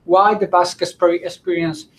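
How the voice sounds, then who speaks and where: A man giving a conference presentation, often pausing to search for his words. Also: sits high, level tone, a bit bright, poor audio. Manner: halting, searching for words mid-sentence.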